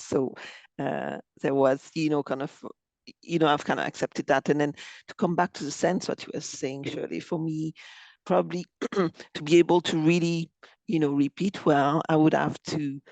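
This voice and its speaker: A man who learned English later talks on a video call, his voice a bit high with a gravelly edge. He hesitates and fills gaps with "you know, kind of". The sound is dry. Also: fairly even intonation, darkish tone, dry recording. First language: not English. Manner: halting, many fillers like "you know, kind of". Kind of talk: group discussion on a video call.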